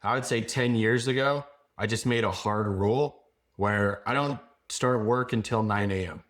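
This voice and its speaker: A man's voice: on the low side, normal speed, a bit bright. Confident man giving business advice. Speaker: business founder and guest. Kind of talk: casual podcast conversation.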